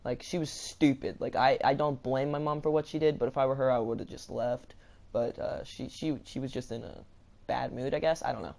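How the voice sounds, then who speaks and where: A man's voice: mid-range voice, fairly even intonation, a little fast, gravelly, a little mellow. A young man telling a storytime anecdote to his viewers, rambling and stammering with many restarts and "like" fillers. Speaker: vlogger. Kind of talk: storytime vlog.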